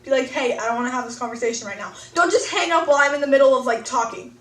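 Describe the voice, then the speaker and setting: A woman's voice: high-pitched, very fast, far from the mic. A teenage girl in casual chat, saying "like" often as she airs gripes. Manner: chatty, says "like" constantly. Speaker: co-host. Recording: echoey room from off-mic.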